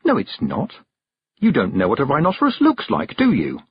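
A man's voice: on the high side, very animated, moderate pace, slightly rough, dry recording, highs cut off, pitched above the performer's own voice. A man doing an eager, earnest young girl witch.

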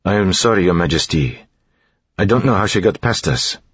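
A man's voice: low voice, expressive, normal speed, breathy edge, dry recording, dull audio, voice pushed up. Man reading as an apologetic guard captain.

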